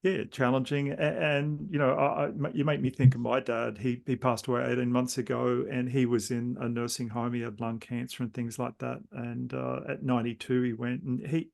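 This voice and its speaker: Male host, gravelly voice, meandering reflective chat, conversational interview tone. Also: mid-range voice, level tone, normal speed, hardly any pauses, a little mellow. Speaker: podcast host.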